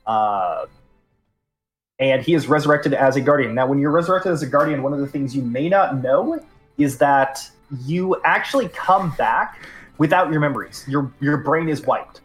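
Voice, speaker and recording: A man's voice: mid-range voice, expressive, moderate pace, faint music behind. A man hosting a gaming podcast, chatting casually through the news with lots of fillers. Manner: rambling, filler-heavy. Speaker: podcast host.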